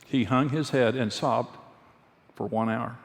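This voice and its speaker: A man's voice: medium pitch, measured pace, creaky. Male pastor, mid-range voice, earnest storytelling sermon, recorded with long hall echo. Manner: earnest storytelling, repeats key phrases. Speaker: pastor and marriage speaker. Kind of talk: conversational sermon with personal stories. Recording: long reverb of a large hall.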